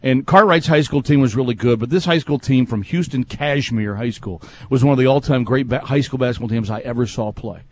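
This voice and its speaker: A man's voice: mid-range voice, fairly quick. A man in his fifties from Texas hosting a sports radio show, chatting casually and laughing often.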